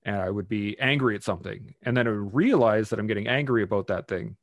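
A man in casual conversation, animated and swearing freely as he acts out his own angry outbursts. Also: fairly low pitch, quick pace, no room sound.

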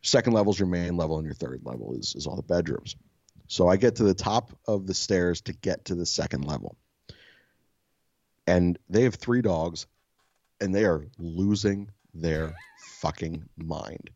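A self-described soft-spoken man, a podcast co-host, telling a story casually, swearing freely and laughing often. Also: low-pitched, normal speed, vocal fry, no echo, lo-fi sound.

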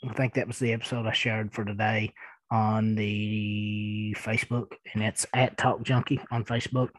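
Answering listener mail on his podcast, a man in his thirties speaks with a thick Eastern Kentucky accent and a fairly low pitch. The chat is casual, chuckling and rambling, broken up by fillers, and the recording is dry.

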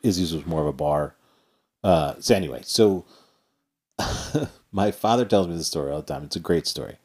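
A man's voice: sits low, lively intonation, normal speed, darkish tone, husky. A man co-hosting a podcast, telling a family story in a rambling way with many fillers. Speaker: podcast co-host. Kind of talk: casual anecdote telling.

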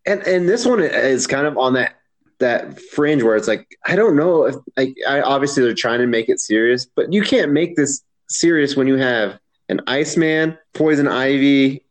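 A man co-hosting a podcast who gives his opinion in a measured, hesitant way. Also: mid-range voice, expressive. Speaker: podcast co-host. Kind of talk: casual podcast discussion.

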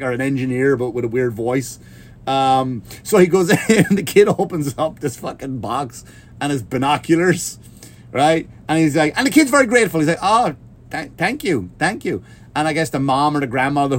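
An Irish man and stand-up comedian, ranting animatedly and swearing as he tells a story. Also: fairly high pitch. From Ireland. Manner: animated, swearing, laughing through his words. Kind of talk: profane comedic rant.

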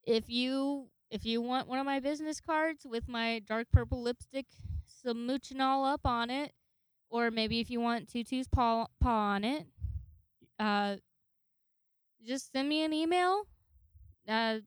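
A young woman hosts her podcast in rambling, giggly casual chat. Her voice is smooth and clear and sits slightly high. The sound is close and dry. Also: dry recording. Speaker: podcast host.

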